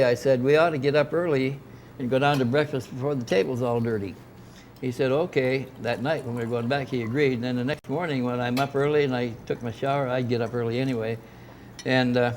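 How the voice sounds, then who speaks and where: A man's voice: mid-range voice, slight background noise. Older man telling a rambling story. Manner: rambling, anecdotal, frequent restarts. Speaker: interview guest. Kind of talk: casual storytelling. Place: club dining room.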